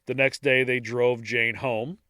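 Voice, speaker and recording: A man co-hosting a podcast, narrating a case in a casual true-crime style and breaking off for dark jokes. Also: medium pitch, flat delivery, a little slow, no echo, clean studio sound.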